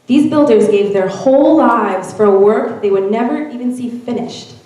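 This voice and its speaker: A fairly high-voiced woman reads a story aloud with expressive storytelling. She is heard from a distance in a very echoey church hall. She reads to a gathering. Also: moderate pace. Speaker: reader at a church Mother's Day event. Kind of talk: reading a narrative aloud. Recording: very echoey room, from far off.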